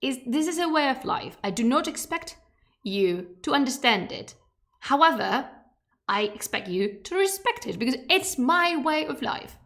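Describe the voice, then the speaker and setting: A woman whose first language is Spanish streams, chatting playfully before she starts a history lecture, with emphatic, wandering asides. Her voice sits high and is fairly bright, swinging widely in pitch at a normal speed.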